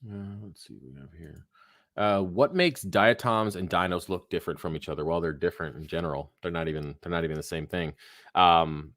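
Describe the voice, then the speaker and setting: A man with a low, brisk, slightly bright voice hosts a live aquarium Q&A stream, recorded with no echo. He sounds tired, yawns, and has a phlegmy throat. He reads chat questions and rambles in a laid-back way, swearing freely and using lots of fillers.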